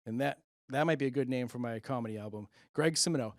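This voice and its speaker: A man's voice: medium pitch, fast. A middle-aged man hosting a stand-up comedy monologue, rambling with self-deprecating, muttered asides. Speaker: comedian host.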